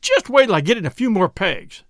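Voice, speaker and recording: A man's voice: high-pitched, big pitch swings, fairly quick, a bit bright, no room sound, studio quality. A man voicing a wry old country cobbler who talks in a drawling rustic dialect and teases dryly. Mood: teasing.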